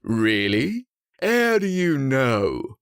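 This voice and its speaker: A woman voicing a cunning fox who talks in a slow, coaxing way. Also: extremely low pitch, sing-song, clean tone, dry recording, clean studio sound, full character voice. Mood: sly. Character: sly smooth-talking male fox, cunning.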